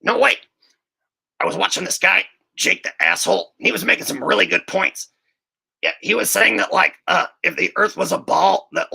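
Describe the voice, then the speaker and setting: A man doing an impression of a hyper, dimwitted teen cartoon boy, blurting excitedly in a high, strained voice. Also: creaky, slightly rough, exaggerated voice.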